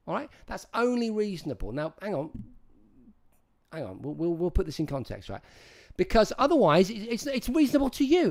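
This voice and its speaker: A man hosting a livestream, chatting casually and rambling as he talks straight to his viewers. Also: on the high side. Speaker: livestream host.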